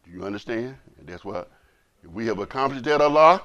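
A man's voice: mid-range voice, animated, a little fast, fairly bright tone, no room sound. A man, an imam, giving an emotional, impassioned sermon and repeating phrases for emphasis.

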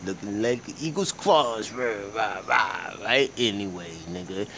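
A young man ranting profanely in a casual vlog, swinging between low mumbling and loud shouting. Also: a little slow, creaky, slight background noise. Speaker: vlogger.

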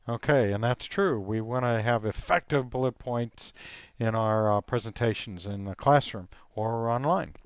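A man teaching software on a screen recording, relaxed and thinking aloud with frequent ums and uhs. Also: mid-range voice, normal speed, clean tone, no room sound.

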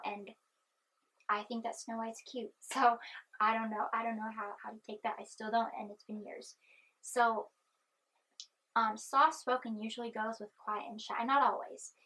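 A young woman vlogging in a soft-spoken, rambling way, chewing gum and anxious. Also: on the high side, husky, low-quality recording. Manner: chatty, meandering, chewing gum. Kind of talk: rambling personal vlog.

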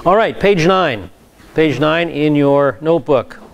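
A man's voice: a little high, expressive, unhurried, gravelly. A man, a pastor, teaching a Bible class in a conversational lecture style, with frequent fillers and repeated words.

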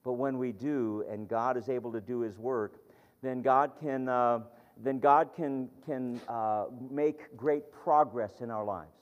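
Earnest preacher in a reverberant hall. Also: male voice, mid-range voice, fairly even intonation, measured pace. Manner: earnest, reads scripture aloud, tells stories with rising emphasis. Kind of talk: sermon. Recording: dull lo-fi sound with long hall reverb.

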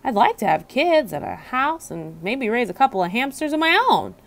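A woman's voice: on the high side, very animated, normal speed, vocal fry, pitched above the performer's own voice. A woman voicing a kind, cheerful male school custodian who talks in an easygoing, friendly way.

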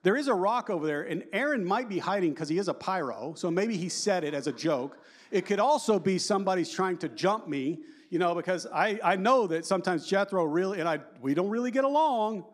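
A man in his fifties giving a lively, joking conference talk and quizzing the audience. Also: high-pitched, brisk. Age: 50s. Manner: animated and joking, asks the audience questions. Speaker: conference speaker.

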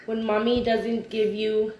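Slow sing-song mother, echoey room. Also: a little high. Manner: sing-song and animated, with playful gasps. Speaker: mother teaching her child. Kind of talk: slow, simple teaching talk to a child. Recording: echoey room with clear background noise.

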